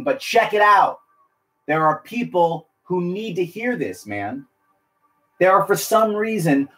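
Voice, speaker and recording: A man, a military veteran, talking earnestly and emotionally to viewers on a casual live stream, rambling and restarting his sentences. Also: fairly high pitch. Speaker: veteran livestreamer.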